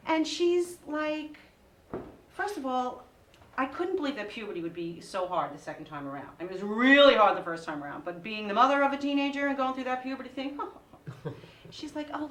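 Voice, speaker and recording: Stand-up comedian, woman, 40s, animated and mocking; slightly high voice, recorded at a distance in an echoey room. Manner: animated, mocking sing-song voices for her kids.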